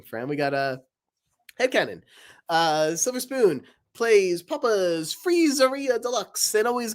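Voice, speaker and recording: Casual streamer woman, giggly, lively pitch, slow talker. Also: vocal fry. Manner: giggly, rambling. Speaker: voice-request streamer. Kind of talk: casual Q&A chat.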